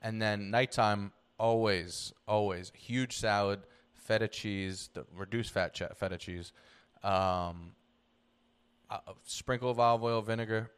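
A man's voice: on the low side, fairly even intonation, a little slow, smooth. A young man co-hosting a podcast, talking casually in a matter-of-fact, blunt and joking way. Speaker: podcast co-host. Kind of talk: casual chat.

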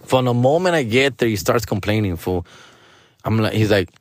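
A man's voice: lowish voice, expressive, moderate pace, no room sound. A man from Los Angeles, a stand-up comedian telling a comedic story, profane and slangy and sprinkling in Spanish words.

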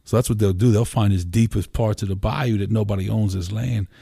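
Low, mellow-voiced man telling rambling stories. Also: fairly even intonation, brisk, creaky, breathy edge, no room sound, studio quality. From Pennsylvania. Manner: rambling, lots of "you know" fillers, swears casually. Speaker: podcast guest. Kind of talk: casual storytelling conversation. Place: home room.

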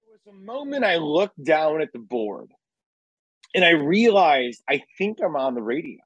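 A man in casual chat, telling a radio story with lively acted-out quotes and casual swearing. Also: fairly high pitch, moderate pace, dry recording, poor audio.

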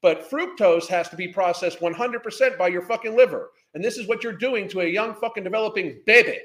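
A man with a notably high voice rants furiously, swearing and insulting as he goes. His voice rings in a roomy, echoey space, with a hard commentary-channel edge. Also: fairly quick, a bit bright. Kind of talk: profane reaction rant.

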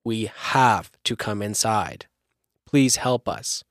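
A man's voice: fairly low pitch, takes it slowly, no echo, studio quality. A man reading the lines of an eerie young girl at a door, politely pleading to be let in.

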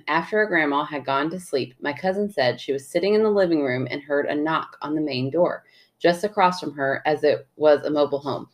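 A woman with a low voice chats through a casual podcast episode, reading a story aloud with a chatty, teasing manner. She laughs easily and keeps the talk loose. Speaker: podcast co-host.

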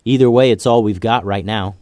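A man's voice: fairly low pitch, fairly quick, dark tone, no echo, studio quality, close to an everyday voice. A man voicing a brave young male ninja who leads the group in a children's story, speaking in an urgent, commanding way.

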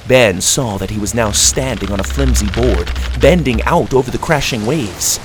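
A man narrating a children's adventure story aloud, expressive and reading aloud. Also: fairly low pitch, normal speed, hardly any pauses, a little hiss or hum.

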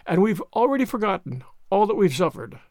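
A man's voice: high-pitched, big pitch swings, brisk, darkish tone, no echo, studio quality. A man reading aloud, voicing a dignified older French countess with a French accent and a grave, gracious manner. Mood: grateful.

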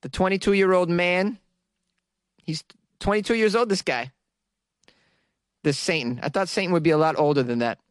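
A man's voice: high voice, moderate pace, pauses often, smooth, no room sound. A man from Boston hosting a comedy news segment, teasing and sarcastic and laughing often. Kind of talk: mocking comic commentary on weird news.

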